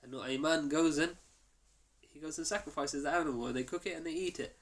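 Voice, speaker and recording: A man teaching a mosque class, telling the story in a lively way and acting out the quoted lines. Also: a little high, fairly quick. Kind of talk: storytelling lesson.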